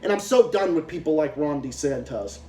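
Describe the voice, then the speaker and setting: A man's voice: a little high, lively intonation, normal speed, dark tone. A man ranting angrily in a profane, repetitive way, giving political commentary. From Massachusetts, US. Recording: echoey room.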